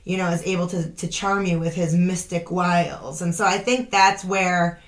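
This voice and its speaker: A woman co-hosting a podcast in casual chat, matter-of-fact and steady. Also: lowish voice, moderate pace. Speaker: podcast co-host.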